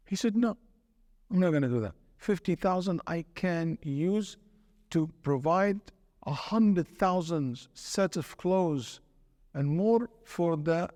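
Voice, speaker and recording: A man serving as imam, giving a sermon and telling stories in an animated way, with Arabic terms and quotes mixed into his talk. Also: on the high side, studio quality. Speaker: imam and teacher. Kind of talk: sermon lecture with storytelling. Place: mosque hall. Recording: long hall reverb.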